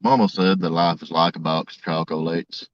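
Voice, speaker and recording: A man doing an impression of a simple, earnest Southern man, slow and plain. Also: low voice, little pitch movement, slight background noise, pitched below the performer's own voice, lightly acted. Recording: dry, lo-fi.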